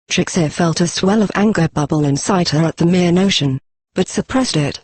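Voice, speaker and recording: A text-to-speech male voice narrating a fan story with an even, machine-read delivery. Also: a little high, breathy edge, no room sound. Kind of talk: synthetic audiobook narration.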